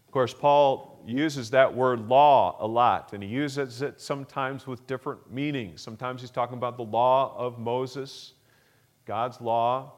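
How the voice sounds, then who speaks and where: Man preaching an emphatic sermon. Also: medium pitch. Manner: emphatic preaching with frequent uh fillers and restarts. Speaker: pastor.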